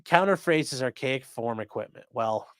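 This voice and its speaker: Recorded cleanly in a studio without room sound, this commentary host has a medium-pitched, expressive, slightly bright voice at normal speed. He curses casually and acts out quotes using different character voices.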